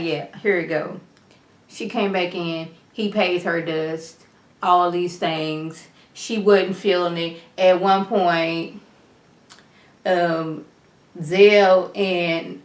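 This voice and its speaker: A woman giving a casual recap of a reality TV episode, chatty and quick, acting out the dialogue as she retells each scene. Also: on the low side. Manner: talks fast at times. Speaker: reality TV reviewer. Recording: roomy echo.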